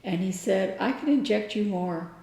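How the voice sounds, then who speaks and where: A woman's voice: mid-range voice, normal speed, mellow. A woman co-hosting a casual podcast, telling a personal story in an earnest, explaining way. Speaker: podcast co-host. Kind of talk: casual chat. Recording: echoey room.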